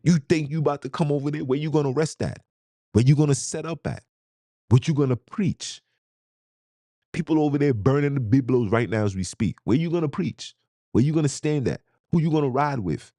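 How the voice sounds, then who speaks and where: In clean studio sound with no echo, a man with a fairly high, dark voice hosts his podcast at a brisk clip. His fired-up, sermon-like monologue is packed with slang from the street and questions he doesn't expect answered.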